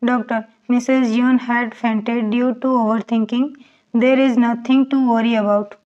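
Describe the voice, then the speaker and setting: A woman reading the lines of a calm, reassuring doctor in a slow, even voice. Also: a little high, natural voice. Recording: dull lo-fi audio.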